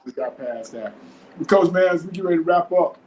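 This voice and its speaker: A man's voice: a little high, lively intonation, fairly quick, a little mellow, a little hiss or hum, rough recording. A man from Florida hosting a casual podcast interview, laid-back and full of fillers like "man" and "you know". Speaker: host.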